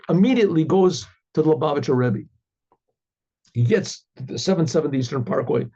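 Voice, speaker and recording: Rabbi telling a story, rambling, keeps clearing his throat, dark raspy voice, bit higher pitched. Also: lively intonation, moderate pace. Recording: dull lo-fi recording.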